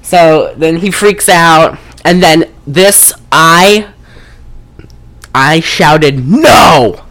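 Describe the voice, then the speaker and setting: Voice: mid-range voice, extremely slow, fairly bright tone. A podcast co-host recapping a movie in a casual, rambling way, full of swearing and fillers. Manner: profane, rambling, frequent fillers.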